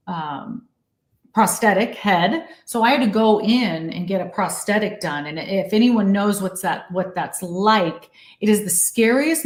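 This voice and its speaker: Animated woman storyteller in a roomy space. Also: mid-range voice. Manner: animated storyteller, acts out quotes. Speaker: actress guest. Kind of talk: casual interview chat. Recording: roomy echo.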